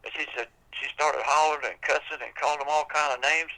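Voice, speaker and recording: An older man tells a folk tale on a podcast in a folksy, casual, drawling way. His voice is a little high, pushed and bright, with a steady tone and fast pace, and the audio quality is poor.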